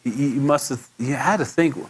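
A pastor delivers a sermon in an easy, conversational style, his husky voice sitting at a middle pitch and moving at a moderate pace. He tells stories, sometimes stumbling or repeating himself, and his voice jumps much higher whenever he acts out what people said.

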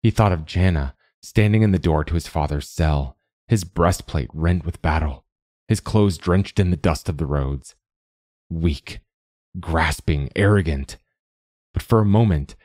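A man narrating a literary short story as host, in a measured, even storytelling manner. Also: low voice, no echo, studio quality. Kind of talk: scripted fiction narration.

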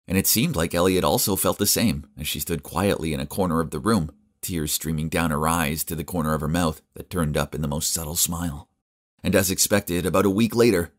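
Very deep-voiced male storyteller. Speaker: narrator. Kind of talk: first-person story narration.

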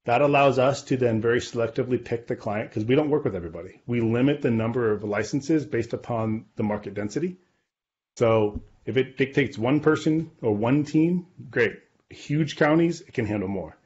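A man's voice: mid-range voice, darkish tone, highs cut off. Businesslike man explaining his data. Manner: confident, businesslike, frequent "right?" and "okay". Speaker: guest, real estate data company leader. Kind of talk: podcast interview, explaining.

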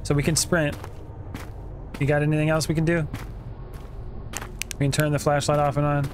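A man's voice: on the high side, little pitch movement, moderate pace, background noise. A man hosting a gaming channel, giving casual, joking running commentary as he plays. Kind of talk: let's play commentary. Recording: game audio playing behind.

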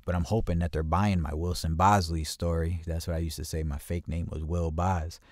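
A man with a very low, deep voice recounts a story in a loose, conversational way, swearing often and stumbling back over his words. The sound is close and dry, with no room around it. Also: little pitch movement, moderate pace, dry recording. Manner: profane, with frequent restarts and repeated words; grows louder and higher at tense moments. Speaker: podcast host telling a personal story. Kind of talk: casual first-person storytelling.

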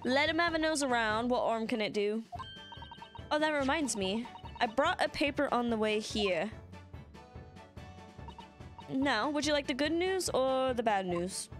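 A woman's voice: on the high side, lively intonation, measured pace, long pauses, faint music behind. A woman voicing an eccentric, showy male detective, reading game dialogue aloud. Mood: breezy.

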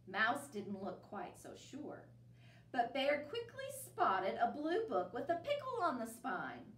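A woman reading a children's picture book aloud as a library storyteller, with lively expression. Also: a little high, takes it slowly, echoey room, distant mic.

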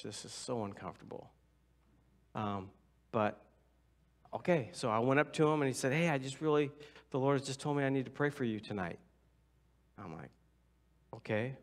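A man preaching as pastor, telling a personal story in a loose, conversational way and acting out the other voices with whispers and asides. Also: on the high side. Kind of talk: sermon storytelling. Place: church sanctuary.

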